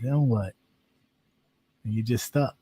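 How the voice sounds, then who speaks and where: A man's voice: medium pitch, slow, warm tone, breathy edge, no room sound. A man hosting a casual talk show, easygoing, who trails off and repeats himself. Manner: laid-back, trailing off, repeats phrases. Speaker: show host. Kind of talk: casual chat.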